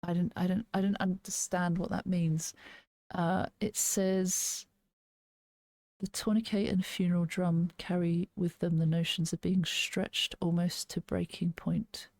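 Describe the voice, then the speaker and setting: A woman's voice: fairly low pitch, level tone, a little slow, darkish tone, no room sound. A woman casually reviewing an album, thinking aloud, restarting sentences and laughing now and then. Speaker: music reaction host.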